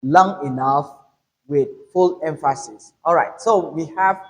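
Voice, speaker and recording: Slow, emphatic male English teacher. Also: on the high side, poor audio. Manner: emphatic, drills words aloud one by one. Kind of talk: slow, deliberate pronunciation lesson.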